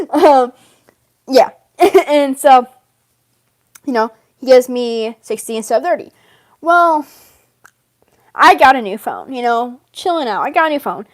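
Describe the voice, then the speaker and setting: A young woman rambling casually in character, giggling often and filling gaps with ums and you-knows. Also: on the high side. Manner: giggly, rambling, lots of fillers and laughs. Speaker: vlogger role-playing a game character.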